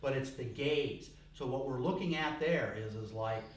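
Animated man teaching with lots of fillers. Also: normal speed, a little hiss or hum. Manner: animated, acts out giddy voices with high squeals; rambling with many fillers. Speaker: herbalist teaching a class. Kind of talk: casual classroom lecture.

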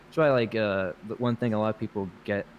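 A man's voice: on the low side, quick pace, dull audio, slight background noise. A man with a light Southern American accent, a guest narrator chatting casually and laughing as he acts out other people's lines. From Southern United States. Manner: laid-back, laughing, acts out quoted voices. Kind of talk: casual interview chat.

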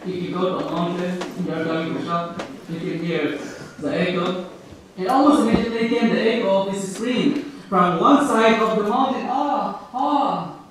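A man's voice: high voice, fairly even intonation, moderate pace, noisy background. A man from the Philippines with a Filipino accent, preaching a sermon that tells a story and asks his congregation questions. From Philippines, Ilocos Norte. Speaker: pastor. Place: church in Canada. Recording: echoey church hall, distant mic.

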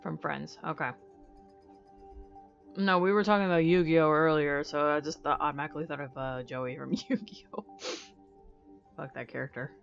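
A woman's voice: low voice, steady tone, moderate pace, gravelly, long pauses. An American woman live-streaming, chatting casually with her viewers in a candid, profane, self-mocking way. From United States. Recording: dull lo-fi stream audio. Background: faint music.

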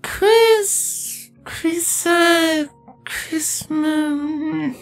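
A man voicing a sleepy, whiny young male changeling nymph in a storybook reading, halting and stumbling over words. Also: very high-pitched, lively intonation, fairly bright tone, soft background music, voice pushed up, heavily acted. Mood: awed curious. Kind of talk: fanfiction reading.

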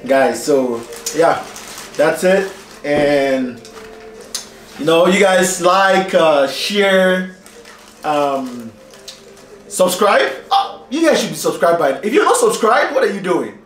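A man chatting to camera for his vlog in a loose, rambling way, often breaking into laughs. He speaks slowly with a slightly high voice, and the room around him sounds echoey with a faint hiss. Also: lively intonation. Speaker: vlogger. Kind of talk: casual vlog chat. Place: hotel room.

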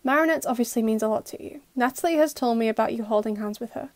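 A woman's voice: fairly high pitch, quick pace, dry recording, lightly acted. A stern, formal father, read by a woman. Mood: formal, subdued. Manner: formal, clipped, quiet. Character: stern reserved middle-aged father, softening.

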